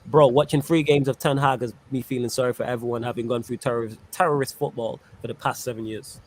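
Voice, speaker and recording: A man's voice: mid-range voice, fairly even intonation, fast talker. A man hosting a casual football chat, slangy and laughing often. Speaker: host.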